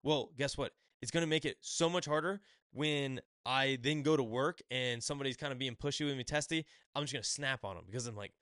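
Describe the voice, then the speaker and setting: The host's mid-range voice sounds fairly bright, clear and resonant, in a studio-quality recording with no echo. On his own podcast he reviews a book casually, rambling and performing little quotes in quick asides.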